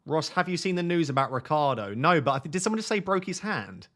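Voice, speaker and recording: A man's voice: fairly high pitch, very animated, quick pace, a bit bright. A man hosting a live fantasy football stream from home at night, reading chat aloud in a jokey, self-mocking way.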